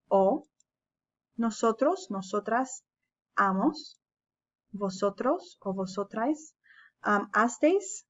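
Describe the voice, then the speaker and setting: A woman teacher explains grammar at an unhurried, deliberate pace. Her voice sits at a middling pitch and comes through a somewhat dull, lo-fi recording. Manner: slow, patient explaining. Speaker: Spanish teacher. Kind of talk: classroom lesson narration.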